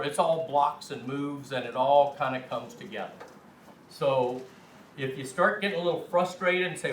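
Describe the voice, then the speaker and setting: A man's voice: medium pitch, moderate pace, fairly bright tone, slight background noise. A man teaching a language class in a chatty, encouraging way, telling anecdotes to the room. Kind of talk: informal classroom talk. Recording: echoey room from far off.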